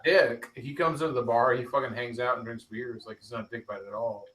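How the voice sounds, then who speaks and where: A man chatting excitedly in a garage and swearing freely. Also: mid-range voice, quick pace, a crowd in the background, low-quality recording. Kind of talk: casual chat. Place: home garage.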